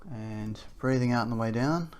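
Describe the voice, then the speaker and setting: A man leading an outdoor exercise warm-up, talking through the moves with chatty asides. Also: mid-range voice, normal speed, clear, resonant tone. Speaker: exercise instructor. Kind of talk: guided warm-up instruction. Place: outdoors on a windy day.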